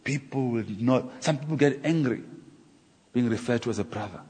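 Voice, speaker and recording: A man preaching a sermon as a minister, animated, building up to emphatic points. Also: mid-range voice, normal speed, slightly rough. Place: church hall. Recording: long hall reverb.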